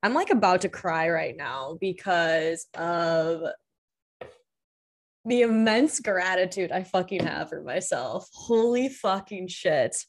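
Slow-talking emotional woman podcast host. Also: fairly low pitch, expressive. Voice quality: emotional, laughing, swears freely. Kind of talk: unscripted casual podcast talk.

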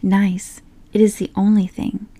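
A woman playing a hearty storybook water rat, whispered role-play, gravelly, mellow. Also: lowish voice, fairly even intonation, normal speed. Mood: dreamy. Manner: hearty, confident, dreamy about boats. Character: cheerful boat-loving male water rat.

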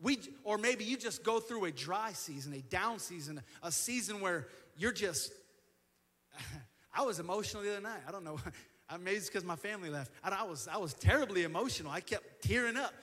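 Man preaching, bright high voice, earnest, repeats himself, church sanctuary with long reverb. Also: animated, normal speed. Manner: earnest, repeats phrases, stumbles on words. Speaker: assistant pastor. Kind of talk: sermon.

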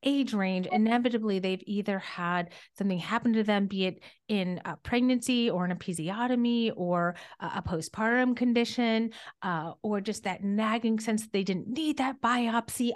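A woman clinician hosting a podcast, chatty and encouraging toward her guest. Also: medium pitch. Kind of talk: casual podcast interview.

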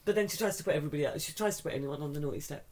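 A middle-aged podcast host with a mid-range voice talks rapid-fire, telling a family story in casual chat. He is animated, acts out other people's voices and swears casually.

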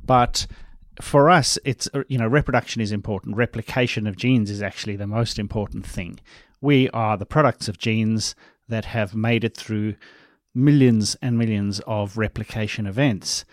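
Low-voiced male evolutionary biologist explaining. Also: moderate pace, dry recording, studio quality. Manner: explanatory, steady, expansive. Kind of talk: explaining in an interview.

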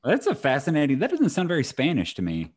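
A man's voice: a little high, wildly swooping pitch, fast talker, breathy edge. A young man co-hosting a casual true-crime podcast, joking dryly with wry asides. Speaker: podcast co-host.

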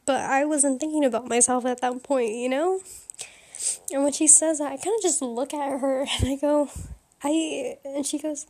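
Give me a high-voiced young woman chatting frankly on her podcast. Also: steady tone, normal speed, darkish tone. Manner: chatty, frank and opinionated, lots of fillers and laughs. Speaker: podcast host. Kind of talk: casual solo podcast chat.

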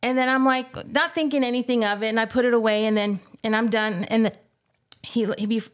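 A woman's voice: fairly high pitch, steady tone, fairly quick, clean tone. A woman co-hosting a faith podcast, earnestly telling a personal testimony and urging listeners, with emotion coming through. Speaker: podcast co-host.

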